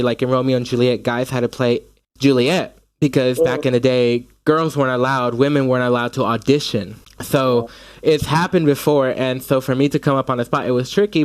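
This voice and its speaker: A young man, a stage actor from the United States, chatting in an interview with animated storytelling and frequent restarts. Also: mid-range voice, no room sound. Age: young adult. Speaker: actor guest. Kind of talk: casual interview chat.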